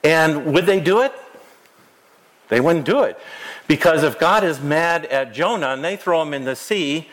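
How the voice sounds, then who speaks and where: A man's voice: fairly high pitch, lively intonation, unhurried, a bit bright, low-quality recording. A man serving as pastor, telling a Bible story to children during a service and coaxing them to act it out. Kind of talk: children's sermon, interactive storytelling. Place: church sanctuary.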